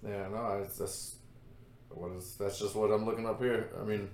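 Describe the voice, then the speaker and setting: A man co-hosting a podcast in casual chat, relaxed, reading out what he is looking up. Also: lowish voice, normal speed, echoey room. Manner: relaxed, reads facts aloud while looking them up. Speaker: podcast co-host.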